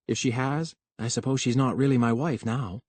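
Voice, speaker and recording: Male reader playing a quiet, plaintive young recruit; dry audiobook sound. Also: mid-range voice, normal speed, husky, no echo, lightly acted. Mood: subdued. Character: young man, rebellious, newly recruited.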